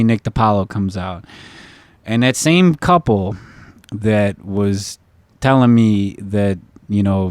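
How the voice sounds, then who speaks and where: A man's voice: lowish voice, darkish tone, dry recording. A man hosting a podcast and telling a story casually, swearing often and filling gaps with "uh.". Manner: profane, rambling, many fillers. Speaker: podcast host.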